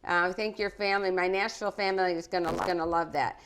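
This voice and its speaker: Her voice is on the low side and a bit bright, with a steady tone and a fast delivery, plus a little hiss or hum. The middle-aged host cooks live at home in her living room, chatting cheerfully with kids and viewers.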